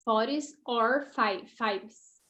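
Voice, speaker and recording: A woman's voice: on the high side, very slow, pushed and bright, lo-fi sound. A Brazilian woman in her thirties with a Portuguese accent, a Portuguese native speaker, reading aloud hesitantly in an English lesson and sounding out hard words. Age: 30s. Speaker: English student.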